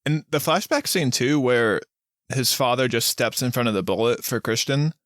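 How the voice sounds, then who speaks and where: Brief: even-toned male podcast co-host, dry studio sound. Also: medium pitch, moderate pace, dry recording. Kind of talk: casual movie discussion.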